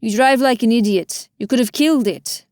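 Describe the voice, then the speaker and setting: A woman's voice: a little high, moderate pace, a little mellow, no room sound, studio quality, lightly acted. Woman doing a grumbly, scolding man. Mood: annoyed. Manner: grunting, blunt and scolding. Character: gruff, irritated man, protective of animals.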